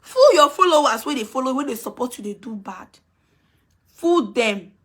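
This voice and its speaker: A woman's voice: sits high, lively intonation, normal speed, fairly bright tone, husky. A woman speaking Nigerian Pidgin English, ranting on a live video, scolding and taunting someone and repeating herself. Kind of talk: heated live video rant.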